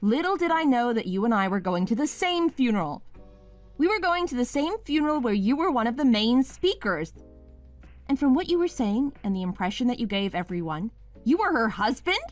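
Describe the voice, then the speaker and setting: A woman's voice: a little high, big pitch swings, brisk, faint music behind. Woman doing emotional wife confronting her guy, voice jumps all over. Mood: accusing. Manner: emotional, pleading then accusing. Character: upset young wife confronting her partner. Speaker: partner. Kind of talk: dramatized story dialogue.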